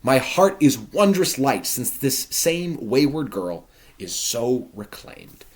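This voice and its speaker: A man reading the part of an excitable, blustering older nobleman father in a loud, emphatic, raised voice. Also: mid-range voice, slow pace. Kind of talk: dramatic reading of verse.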